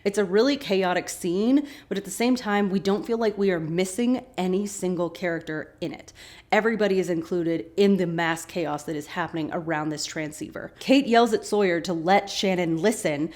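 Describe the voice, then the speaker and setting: A woman hosting a podcast, casually recapping a TV episode with animated, chatty asides. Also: on the low side, normal speed. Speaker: podcast host.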